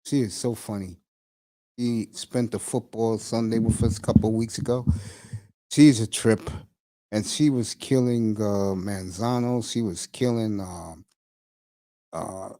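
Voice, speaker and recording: A man's voice: fairly low pitch, takes it slowly, dark tone. A middle-aged man hosting a morning talk stream, chatting loosely with listeners in slangy banter and laughing often. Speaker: host of a morning talk show. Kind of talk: casual live-stream chat.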